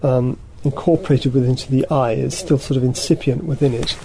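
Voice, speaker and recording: A man teaching a study group, reading passages aloud and then explaining them in a halting, thoughtful way, often correcting himself mid-sentence. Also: medium pitch, steady tone, warm tone, poor audio.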